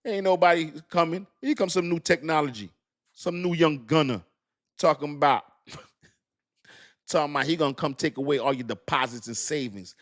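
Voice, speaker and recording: A man hosting a casual crypto livestream, talking in animated, slangy street talk, swinging between loud and soft. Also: fairly high pitch, normal speed.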